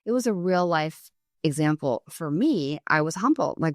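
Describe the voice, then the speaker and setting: A middle-aged woman hosting a podcast, telling a family story earnestly and acting out quoted lines with a higher voice. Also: lively intonation, moderate pace, darkish tone, no room sound, studio quality. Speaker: podcast host. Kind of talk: solo podcast talk with storytelling.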